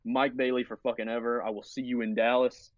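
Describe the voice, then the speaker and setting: A man in casual podcast chat, cursing freely and gushing like an excited fan. His voice sits at an ordinary middle pitch. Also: brisk, no echo, highs cut off. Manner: profane, enthusiastic fan talk. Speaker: podcast co-host.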